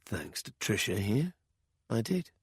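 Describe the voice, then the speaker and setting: A man voicing a ruthless spymaster who talks quietly and with cold contempt. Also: fairly low pitch, sing-song, takes it slowly, husky, dry recording, clean studio sound, exaggerated voice.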